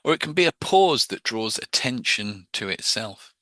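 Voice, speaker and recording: Very animated and at a normal speed, a hypnosis teacher explains techniques to a group in a low, very bright, forward voice. His talk is loose and conversational, peppered with restarts and repeated words. The sound is dry and close, with no sense of room.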